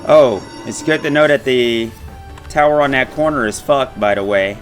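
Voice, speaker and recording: A man in casual gaming chat with a friend, excitable and swearing often. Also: medium pitch, moderate pace. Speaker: gamer streaming with a friend. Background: game music.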